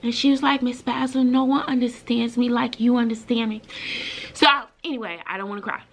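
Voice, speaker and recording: A woman's voice: on the high side, level tone, normal speed. A woman from Brooklyn, a middle school teacher, talking casually in a vlog, bubbly and emotional with lots of fillers. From Brooklyn, New York.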